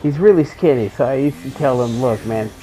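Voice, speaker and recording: A man's voice: medium pitch, brisk, dark tone, soft background music, poor audio. A man streaming a game and telling rambling, joking anecdotes in a loose, profane, casual way. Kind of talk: casual storytelling while gaming.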